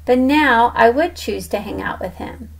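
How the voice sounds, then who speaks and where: A woman's voice: on the high side, a little slow, gravelly. A woman reading a children's novel aloud in a casual first-person storytelling tone. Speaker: audiobook reader.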